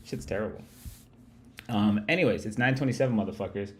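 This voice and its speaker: A man's voice: on the low side, a little fast. A man hosting a live market-analysis stream, rambling and cursing freely as he talks straight to his chat. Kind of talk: casual livestream market commentary.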